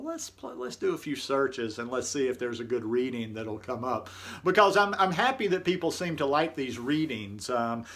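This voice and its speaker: A man hosting his own daily channel, chatting casually from home and then reading an article aloud slowly. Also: medium pitch. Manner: relaxed and conversational, reads slowly and deliberately. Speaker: vlog host. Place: home, indoors.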